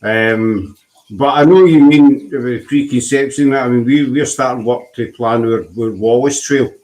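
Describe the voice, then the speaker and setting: Scottish male host, casual and chatty, self-deprecating, mid pitch. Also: unhurried, a little mellow, rough recording. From Scotland. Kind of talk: casual chat.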